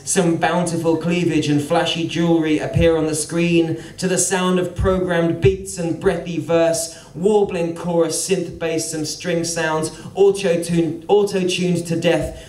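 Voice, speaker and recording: A man tells a dry, sardonic story on stage, his voice sitting a little high. The sound is roomy and echoing, with the mic set some way off. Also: darkish tone. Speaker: musician telling a story. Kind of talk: spoken-word storytelling. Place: live venue. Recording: roomy venue, mic at a distance.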